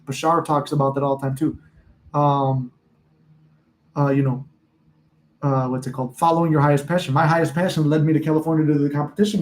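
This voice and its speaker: Casting: young male life coach, slightly high voice, loose profane rambling live-stream chat from a home office. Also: darkish tone, low-quality recording. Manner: rambling, profane, laughs often, acts out inner voices.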